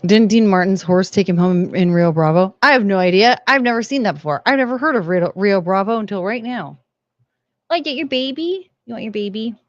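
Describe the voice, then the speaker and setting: A young woman streaming a casual chat, talking to her dogs in a high baby-talk voice between plain remarks. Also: expressive, brisk, no echo, highs cut off.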